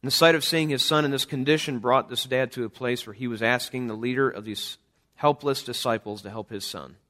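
Male pastor, mid pitch, earnest sermon delivery with restarts. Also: fairly quick, sharp tone. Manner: earnest preaching with frequent restarts and scripture readings. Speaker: father of a young son.

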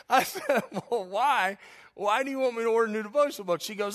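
Male pastor, high bright voice, comic sermon storytelling, chuckles at his own jokes. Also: brisk. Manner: laughs often at his own stories, animated.

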